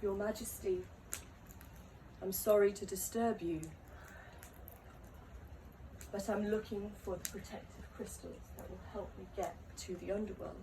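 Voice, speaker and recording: A woman's voice: mid-range voice, fairly even intonation, moderate pace, a little hiss or hum, lightly acted. A woman voicing a worried, apologetic male sun god who pleads earnestly, in a live recording from a distance.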